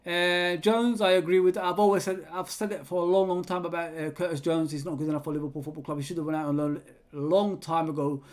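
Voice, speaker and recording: A man hosting a live football watch-along, excitably calling the play, yelling at players and chatting with viewers. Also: fairly high pitch, fast. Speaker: fan channel host reading live chat.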